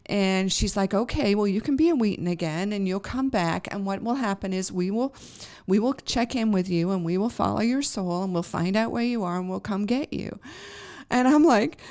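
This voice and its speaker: A middle-aged woman tells a personal story on her podcast. She rambles and restarts, laughing through the emotion, in a voice of ordinary pitch for a woman. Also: moderate pace, darkish tone. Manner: emotional, laughs often, many fillers and restarts. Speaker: podcast host. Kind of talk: casual storytelling.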